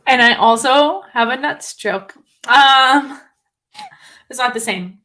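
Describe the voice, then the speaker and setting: A woman co-hosts a casual chat podcast. Her voice is bright and slightly high. She talks bluntly and playfully and trades jokes with friends. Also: slow. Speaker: podcast co-host. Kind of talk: casual chat, telling a joke.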